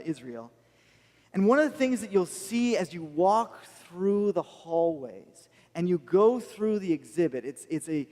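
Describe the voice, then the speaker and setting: An American man preaches a sermon with a high-pitched voice, telling his story earnestly and with feeling. His voice rings with a long reverb from the church hall around him. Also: a little mellow. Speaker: pastor.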